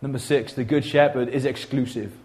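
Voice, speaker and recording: A man preaching in a church, talking to the congregation in a casual, conversational way. His delivery is animated, and his voice rises loud and then drops to near hush. His pitch sits in a plain middle range for a man. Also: a little fast. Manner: conversational, animated preaching with big swings in loudness. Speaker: pastor. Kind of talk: sermon.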